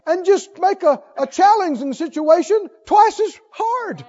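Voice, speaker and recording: An older male preacher with a very high, lively voice delivers an emphatic sermon. He fires questions at his listeners and answers them himself, moving between loud declarations and quiet asides. The recording sounds dull and lo-fi. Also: measured pace, some chatter behind. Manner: emphatic, repeats call-and-response questions, swings between loud and soft.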